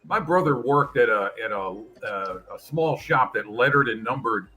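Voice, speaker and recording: A man's voice: mid-range voice, expressive, moderate pace, pushed and bright, a little hiss or hum, poor audio. A man on a live panel chatting casually, rambling with many restarts. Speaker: panel guest. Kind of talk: casual chat.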